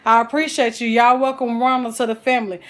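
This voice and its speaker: A woman's voice: on the high side, flat delivery, fast talker. A woman chatting folksily while cooking on a live stream, calling her viewers child and honey. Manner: folksy and chatty, full of endearments.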